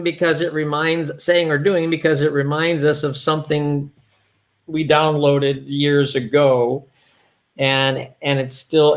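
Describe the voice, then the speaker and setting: A man talking candidly as a yoga therapist, restarting his sentences as he goes. His voice sits fairly high for a man, with a gravelly, fry-laden texture. He sounds conversational and unscripted. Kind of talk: casual conversational interview.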